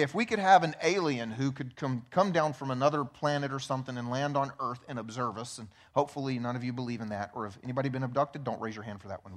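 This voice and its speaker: A man preaching a sermon to his church, emphatic and repetitive, often dropping to quiet low phrases. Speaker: pastor. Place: church sanctuary.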